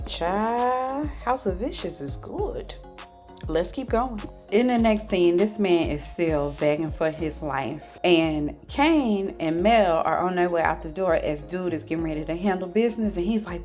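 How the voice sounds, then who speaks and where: A woman's voice: fairly low pitch, expressive, measured pace, darkish tone, faint music behind. Chatty woman recapping a TV show. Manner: chatty, sassy asides. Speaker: TV show reviewer.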